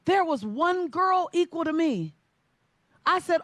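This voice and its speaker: High, lively woman preaching motivation. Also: slow pace, no room sound, studio quality. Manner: preacher-like, leads the audience in chanting call-and-response. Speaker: motivational speaker. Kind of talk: inspirational stage talk with storytelling.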